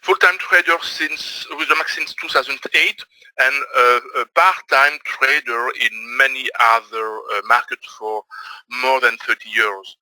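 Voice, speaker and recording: A middle-aged man from Belgium with a Belgian French accent, giving a webinar presentation and pausing often on fillers. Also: medium pitch, steady tone, pushed and bright, no echo, rough recording. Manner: hesitant, many fillers. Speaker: trading presenter.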